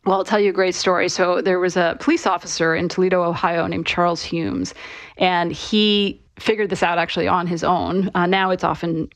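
Low-voiced woman explaining clearly. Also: dry recording. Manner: conversational, clear, with frequent fillers like "you know" and "right". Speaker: author and interview guest. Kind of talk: explanatory interview answers.

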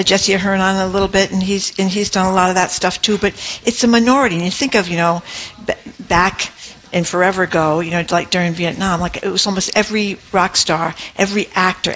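Bright, sharp-toned radio co-host, conversational, dull audio with faint hiss. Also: medium pitch. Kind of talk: call-in radio talk.

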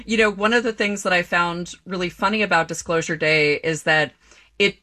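A woman astronomer answering interview questions in a relaxed, conversational way, with fillers and some laughter. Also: lowish voice, moderate pace. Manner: laughs while talking, many fillers. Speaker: astronomer guest.

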